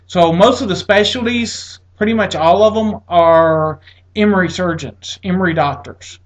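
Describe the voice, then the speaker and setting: A man's voice: measured pace, dull audio, slight background noise. A veteran man casually telling a personal story, exasperated, acting out what people said to him. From Atlanta area, United States. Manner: exasperated, acts out quotes with rising pitch.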